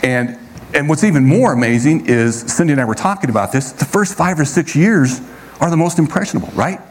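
A man preaching a sermon to a congregation in a relaxed, conversational way, often checking in with his listeners. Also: a little high, fairly quick, breathy edge. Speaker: pastor.

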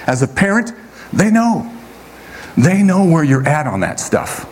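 A man preaching a sermon to a congregation in a relaxed, conversational way, often checking in with his listeners. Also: a little high, a little slow, slightly rough. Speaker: pastor.

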